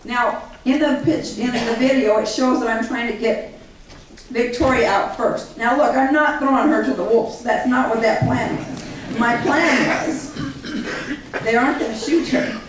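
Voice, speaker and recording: A woman speaks to a live audience, telling her own story with earnest energy and slipping into the voices of the people she quotes. Her voice sits a touch high. She is picked up from a distance in a large, echoing hall with a faint hiss underneath. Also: unhurried. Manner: earnest, animated storytelling that acts out others' words. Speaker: speaker at a public gathering. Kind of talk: personal account told to a live audience.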